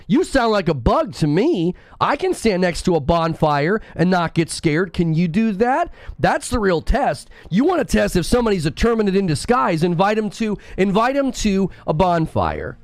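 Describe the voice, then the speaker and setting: A male streamer rants at his chat in a mock-paranoid, indignant way, his fairly high voice swinging widely up and down. The sound is close and dry, with faint music underneath. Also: big pitch swings, moderate pace, few pauses, no echo. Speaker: gaming streamer. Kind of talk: comedic rant to live chat.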